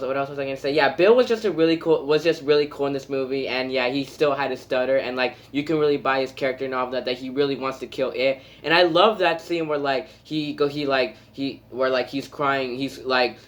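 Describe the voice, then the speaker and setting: A man giving a casual spoken movie review, rambling and enthusiastic, full of filler words and restarts. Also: mid-range voice.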